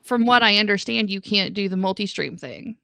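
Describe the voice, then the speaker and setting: A woman guest chatting on a live stream, hedging her points and laughing often. Her voice has a gravelly fry at a middle pitch. The sound is dry and close. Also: lively intonation, a little fast, sharp tone, no echo. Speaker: co-host guest. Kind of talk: casual chat.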